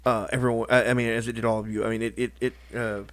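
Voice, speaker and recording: A man talking in a casual personal vlog, halting and rambling, with lots of restarts and fillers. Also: mid-range voice, little pitch movement, no echo. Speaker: YouTuber.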